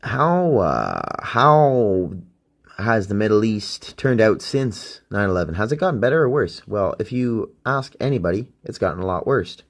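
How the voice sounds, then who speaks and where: Low-voiced man ranting profanely. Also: big pitch swings, measured pace. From Canada. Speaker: podcast host. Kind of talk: solo rambling podcast monologue. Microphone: phone used as microphone.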